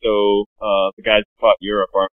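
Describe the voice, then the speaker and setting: A man's voice: lowish voice, monotone, a little fast, no echo. A man appearing as a podcast guest, telling stories casually in a rambling way full of "you know". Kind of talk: casual storytelling chat. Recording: dry, phone-like narrow sound.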